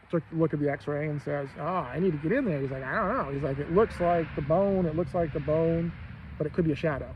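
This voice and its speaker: A man telling an aggrieved, profane personal story as a vlogger, complaining about his doctors. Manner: profane, aggrieved, quotes others in his own voice. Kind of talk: angry personal rant. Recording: muffled low-fi audio with faint background noise.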